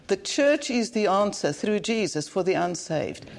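A woman's voice: mid-range voice, sing-song, unhurried, creaky. A South African woman preaching a conference sermon in an earnest, plain-spoken way, often repeating phrases for emphasis. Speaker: conference speaker.

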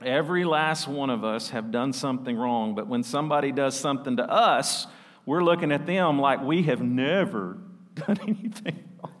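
A man pastor preaching a sermon, lively and laughing often as he mimics voices. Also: mid-range voice, moderate pace. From South Arkansas. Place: church sanctuary. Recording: long reverb of a church hall.

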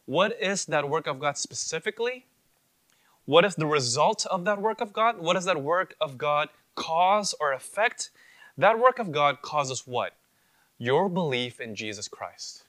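A man's voice: on the high side, lively intonation, a little slow, a bit bright, dry recording. A man preaching an expository sermon, emphatic, often repeating phrases and asking rhetorical questions.

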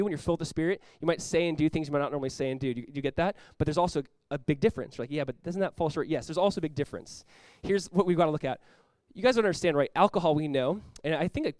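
A man's voice: a little high, a little mellow, dry recording, rough recording. A man preaching a sermon as pastor, earnest and emphatic, often repeating words as he builds each point. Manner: acts out short quoted voices.

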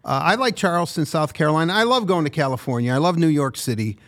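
A man's voice: on the high side, expressive, quick pace, a bit bright. A man co-hosting a sports podcast, telling long, meandering stories in casual chat. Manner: rambling, meandering storyteller. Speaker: podcast co-host.

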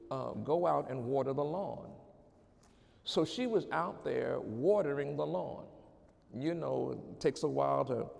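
A man with a high, gravelly voice preaches to his congregation, moving from relaxed storytelling into emphatic, repeated call-outs. His words ring out with a long hall reverb around them. It sounds like a live church sermon. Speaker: pastor. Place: church sanctuary.

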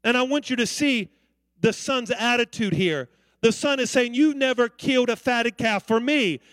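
A man's voice: extremely high pitch, normal speed, fairly bright tone, no room sound. A man preaching a sermon as pastor, calling out to the congregation for responses. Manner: preaching with call-outs to the congregation.

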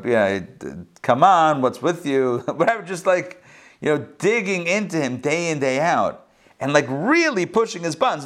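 Man spinning jokes in a class. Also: medium pitch. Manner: animated, chatty storyteller. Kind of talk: joke-telling within a religious class.

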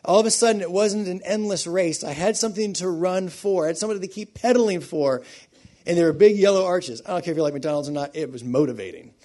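A man preaching a sermon to a church congregation, swinging from hushed, quiet stretches to loud, fervent peaks. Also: high-pitched, fast. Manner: impassioned, building from hushed to loud. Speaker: pastor.

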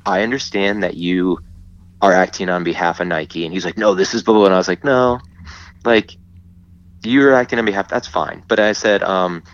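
A man telling a story in casual chat, animated and often laughing as he acts out what others said. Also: low voice, normal speed. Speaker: guest. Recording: dull lo-fi sound.

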